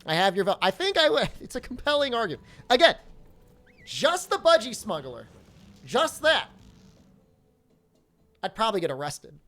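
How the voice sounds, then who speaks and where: A man's voice: high voice, big pitch swings, moderate pace, long pauses, fairly bright tone, faint music behind. A man streaming a video game, chatting casually and jokingly as he reads viewers' questions aloud. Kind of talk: casual live-stream chat.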